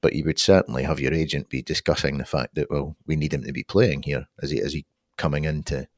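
A man's voice: rumbling low, fairly even intonation, fast talker, no room sound, studio quality. A man on a podcast panel, talking things through thoughtfully with frequent fillers. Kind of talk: casual podcast discussion.

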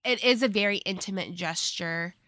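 Bright-voiced woman retelling a plot. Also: mid-range voice, normal speed, dry recording, studio quality. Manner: narrates plot steadily, agreeing often. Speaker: podcast co-host. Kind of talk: casual chat recapping a movie.

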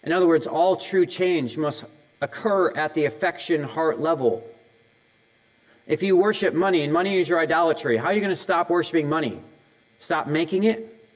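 A middle-aged male pastor preaches a sermon in a conversational way, firing off question after question at the listeners. His voice sits a little higher than most men's, and he laughs off his own slips of the tongue. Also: animated, moderate pace, rough recording. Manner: conversational, asks many questions in a row.

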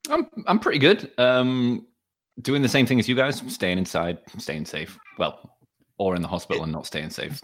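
A man's voice: medium pitch, normal speed, a little hiss or hum. A man with an English accent, a guest on a casual podcast chat, speaking from home with dry, self-deprecating humor. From England.

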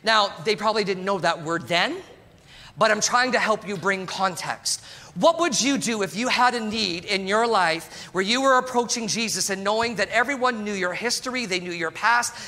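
Male pastor preaching, high pitched and very bright, in a reverberant hall; animated, talks straight to the congregation. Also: moderate pace. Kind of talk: sermon.

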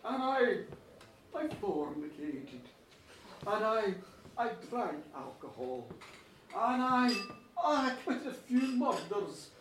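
A man's voice: high-pitched, big pitch swings, takes it slowly, long pauses, fairly bright tone, a little hiss or hum, exaggerated voice. A man voicing a boastful, sinful medieval monk who stammers through a rambling confession. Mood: confessing. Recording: roomy live recording from a distance.

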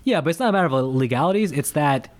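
Man, podcast co-host, movie review chat, fairly high voice, very lively pitch, jokey ranting. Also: very fast. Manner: animated, jokey, rants with rising emphasis.

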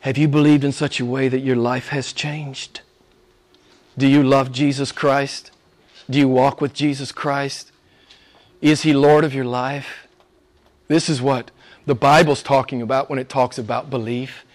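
A man preaching a sermon as pastor, asking the congregation question after question, rising to loud emphatic peaks and dropping to hushed low asides. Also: level tone, unhurried.

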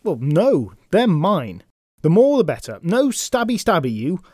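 A man's voice: high voice, wildly swooping pitch, measured pace, darkish tone, no echo, clean studio sound, pitched above the performer's own voice, exaggerated voice. A man voicing a petulant, possessive knight who collects captured knights, with a childish, whiny way of talking.

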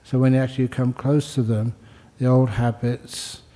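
Older male monk, dharma talk, mellow dark tone, relaxed and joking, repeats lines for emphasis. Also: medium pitch, normal speed. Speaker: Buddhist monk teacher. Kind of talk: dharma talk answering questions.

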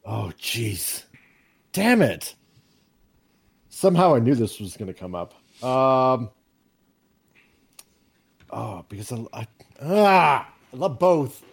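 Lively, dithering podcast co-host. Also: male voice, medium pitch, slow, vocal fry, long pauses, breathy edge. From Chicago area. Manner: hesitant, ponders aloud. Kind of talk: casual podcast chat.

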